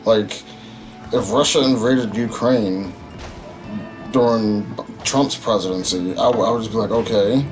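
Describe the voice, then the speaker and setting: A man's voice: lowish voice, fairly even intonation, a little slow, long pauses, music in the background. A man chatting casually on a stream, hesitant, trailing off and restarting his thoughts.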